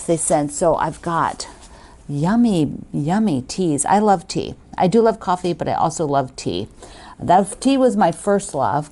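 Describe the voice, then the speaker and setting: A woman's voice: lowish voice, darkish tone. A woman hosting a quilting video, chatting casually and gushing as she opens fan mail, laughing often. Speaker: quilting show host.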